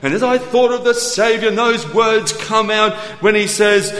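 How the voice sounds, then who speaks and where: A man preaching a sermon in an earnest, tender way, dropping to slow quiet lines and then hurrying through asides. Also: high voice. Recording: echoey hall.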